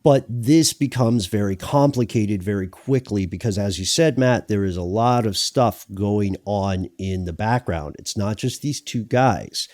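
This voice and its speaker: A man co-hosting a podcast, telling the story in a lively, joking way with acted-out asides. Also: on the low side, measured pace, hardly any pauses, dry recording, studio quality. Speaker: podcast co-host. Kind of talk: conversational podcast banter.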